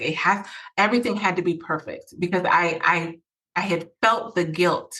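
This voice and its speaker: A woman's voice: on the low side, a bit bright. A woman hosting a podcast, talking earnestly and emphatically, often repeating phrases and acting out quoted thoughts. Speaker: podcast host. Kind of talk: personal advice talk.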